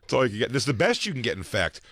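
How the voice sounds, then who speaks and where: A man's voice: medium pitch, very animated, very fast, fairly bright tone, no echo. A man on a talk radio show who laughs often and swears, his voice swinging widely as he drops into mock voices and impressions. He sounds dry and close to the mic. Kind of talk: casual comedic banter.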